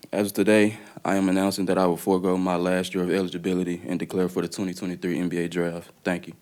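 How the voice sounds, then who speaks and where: A man's voice: low-pitched, darkish tone, clear, resonant tone. A young man from the Dallas area, a college basketball player, reads a prepared statement at a press conference and then answers questions, earnest and plain, with frequent uhs and ums. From Dallas area, Texas. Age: young adult.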